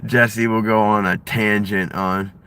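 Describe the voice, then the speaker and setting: A man in casual chat, excitable, laughing often and swearing casually. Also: lowish voice, measured pace, a little hiss or hum.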